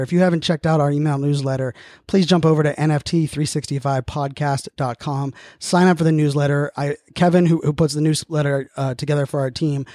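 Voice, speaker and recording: A man's voice: fairly high pitch, warm tone, no room sound, studio quality. A man hosting his own podcast, speaking in an earnest, motivational monologue with frequent fillers and restarts. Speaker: podcast host.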